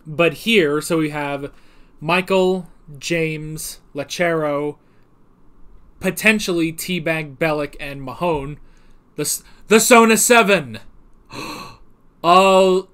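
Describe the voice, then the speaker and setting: A TV show recap vlogger, this man talks through an episode in a casual, rambling way, often poking fun at himself. His voice is slightly high and a bit bright.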